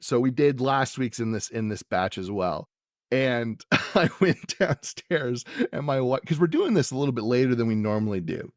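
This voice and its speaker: Animated man co-hosting a chat show. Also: medium pitch, no room sound, clean studio sound. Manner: laughing, animated storyteller. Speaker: podcast co-host. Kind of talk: casual chat recapping wrestling.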